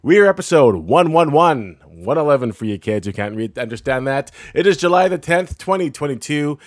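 A man's voice: on the high side, big pitch swings, brisk, dry recording, clean studio sound. A man co-hosting a casual podcast, joking and swearing as he talks. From Canada. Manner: profane, joking, laughs often. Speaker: podcast co-host.

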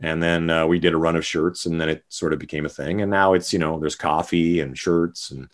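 A man's voice: low voice, fairly even intonation, a little fast. A middle-aged man from Canada, a musician chatting casually as an interview guest, rambling with many fillers and restarts.

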